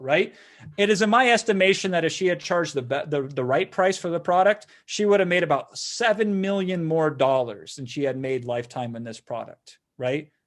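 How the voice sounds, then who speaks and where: A man's voice: on the high side, a bit bright. A middle-aged man hosting a sales webinar, talking conversationally and often tagging sentences with "right?". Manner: conversational, frequent "right?" tag questions. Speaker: webinar host and marketing consultant.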